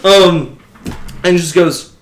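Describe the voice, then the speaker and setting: A man's voice: high-pitched, fairly even intonation, drawn-out words, roomy sound, slight background noise. A man narrating a tabletop game as game master, casual and full of fillers.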